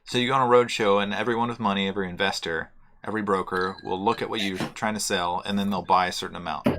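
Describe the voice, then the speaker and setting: A man's voice: lowish voice, steady tone, fast talker, fairly bright tone, a little hiss or hum. A man co-hosting a podcast in a casual chat, explaining things plainly with dry humor. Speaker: podcast co-host.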